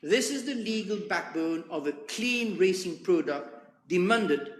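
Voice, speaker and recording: A man's voice: high voice, lively intonation, a little slow. A man speaking in parliament, formal and emphatic, leaning hard on repeated words. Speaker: member of parliament. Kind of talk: parliamentary speech. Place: parliament chamber. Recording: echoey chamber, faint ambience.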